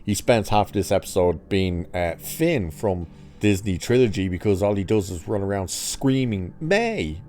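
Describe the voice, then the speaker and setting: A man's voice: deep voice, moderate pace, warm tone, faint music behind. A man recapping and reviewing a TV episode in a casual, sarcastic, mocking way, swearing freely.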